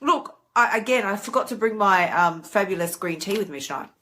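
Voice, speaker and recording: A woman hosting a live stream, talking in a chatty, animated way and leaping into high voices when she acts out her inner thoughts. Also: fairly quick. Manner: chatty and animated, with big pitch swings for acted inner voices. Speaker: host. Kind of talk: casual live-stream monologue.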